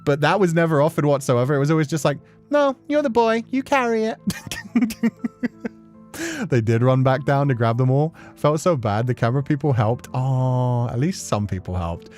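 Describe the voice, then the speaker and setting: A man's voice: mid-range voice, fairly quick, hardly any pauses, a little mellow, soft background music. Chatty young male streamer. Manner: chatty, laughing storyteller with filler words. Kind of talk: casual chat stream.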